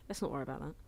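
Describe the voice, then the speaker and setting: A woman's voice: low-pitched, creaky, slight background noise. Giggly woman streaming a game. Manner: chatty, giggly, talking to chat while playing. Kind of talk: casual live-stream commentary.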